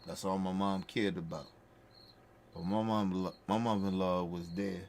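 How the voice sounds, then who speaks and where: A man with a lowish voice tells stories in a loose podcast chat, hammering each point home through repetition. His delivery is blunt, profane and heartfelt, and a faint hiss sits under the speech. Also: steady tone, measured pace, darkish tone. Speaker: podcast host. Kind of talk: casual storytelling chat.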